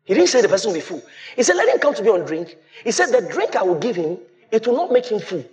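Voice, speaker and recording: A man preaching a sermon as pastor, quoting scripture and breaking into shouts. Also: sits high, very animated, fast talker, highs cut off.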